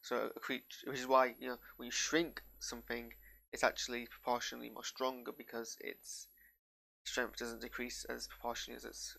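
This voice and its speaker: A man with a northern English accent reacting to a TV episode in a loose, casual way. His voice has a gravelly fry and a forceful, bright edge. He rambles and wanders off on tangents mid-thought. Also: mid-range voice, monotone, brisk. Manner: rambling, digressive, drifts off on tangents. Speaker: show reviewer.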